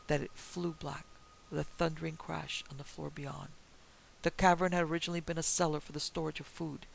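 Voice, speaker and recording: A narrator reads a pulp horror tale aloud like a storybook, measured and even. His voice is deeply gravelly, slightly high, with little rise and fall. The audio is poor, with a faint hiss running underneath.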